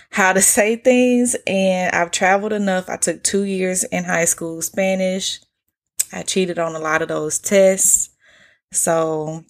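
A woman's voice: low-pitched, creaky. A young woman with an Atlanta Southern accent, hosting a podcast and telling travel stories in a candid, slangy way with plenty of swearing. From United States. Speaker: podcast host. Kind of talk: casual solo podcast storytelling.

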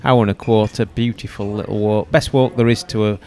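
A man co-hosts a laid-back chat, his voice fairly low. He is chatty and teasing, keen to rib the others. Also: steady tone, a little mellow. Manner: chatty, teasing, quick to laugh. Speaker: podcast co-host. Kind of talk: casual chat.

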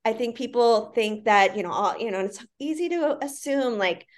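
A woman's voice: a little high, animated, moderate pace. A woman speaking as an interview guest, earnest and reflective, with the odd "like" and "you know". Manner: earnest, reflective, with frequent fillers. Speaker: parenting institute CEO, guest. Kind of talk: conversational interview.

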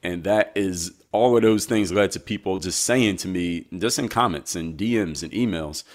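Deep-voiced man telling his story. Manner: measured, reflective storyteller. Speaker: guest, basketball coach. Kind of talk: conversational interview storytelling.

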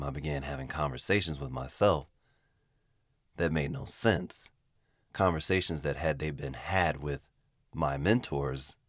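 A man hosting a podcast, telling a confessional story in a dramatic, emotive way and repeating himself for effect. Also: extremely low pitch. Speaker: podcast host.

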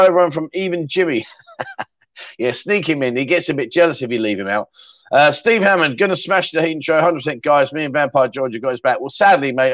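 Male stream host, jokey and rambling, a touch higher voice, dry slightly dull home audio. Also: no room sound. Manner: jokey, rambling, self-mocking banter. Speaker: livestream chat show host. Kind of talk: casual chat reading out viewer comments. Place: home room with a fridge behind him.

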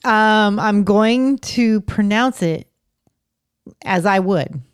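A woman's voice: mid-range voice, extremely slow, clean tone, no room sound, studio quality. A woman co-hosting a podcast in casual chat, giggly and self-deprecating. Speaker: podcast co-host.

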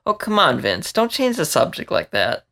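A man's voice: fairly high pitch, very animated, moderate pace, fairly bright tone, voice pushed up. A man reading a story, voicing a young female mouse who needles her friend and whines when brushed off. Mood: whiny. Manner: needling, whiny when crossed.

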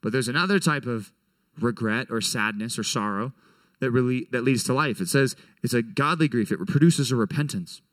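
Casual animated male preacher. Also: medium pitch, moderate pace, no room sound. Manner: conversational, animated, frequent "right?" check-ins. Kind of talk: sermon to young people.

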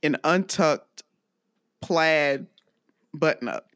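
A woman's voice: sits low, slow pace, fairly bright tone, clear, resonant tone, dry recording, clean studio sound. A woman from the US South co-hosting a podcast, reviewing a movie in casual chat and laughing often. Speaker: podcast co-host.

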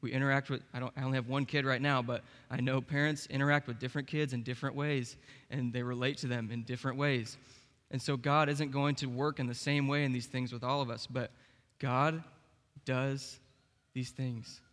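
A man's voice: medium pitch, level tone, fairly quick, fairly bright tone. A young man preaching a sermon as pastor, in a casual, conversational way with frequent "like" and "okay". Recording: long reverb of a large hall.

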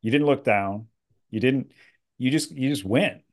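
Halting, enthusiastic male podcast host. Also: mid-range voice. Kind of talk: interview chat.

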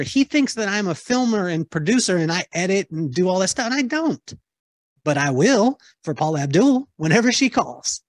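A man telling a lively story to an audience, acting out the voices of the people in it. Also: high voice, normal speed, dry recording, studio quality. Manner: lively, acts out quoted voices. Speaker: keynote speaker answering audience. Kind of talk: animated storytelling talk.

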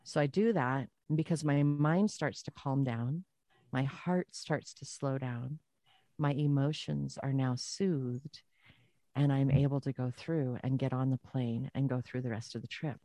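A woman guest telling a personal story in a casual podcast chat, animated and repeating phrases for emphasis. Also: very deep voice, unhurried, no echo.

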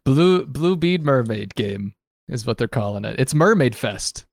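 A man's voice: mid-range voice, lively intonation, a little slow, vocal fry. A man hosting a casual recap chat, rambling and chatty, often laughing as he talks. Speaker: podcast host.

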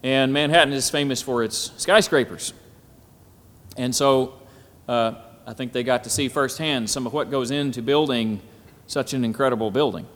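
A man preaching a sermon at a symposium, often pausing on "Amen" and building to emphatic, climbing phrases. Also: mid-range voice, a bit bright. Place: hall at a symposium. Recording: echoey hall.

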